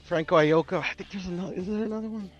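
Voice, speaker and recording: A man's voice: high voice, very fast, dry recording, highs cut off, faint music behind. A man co-hosting a casual stream, laid-back and a bit hesitant. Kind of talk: casual livestream chat.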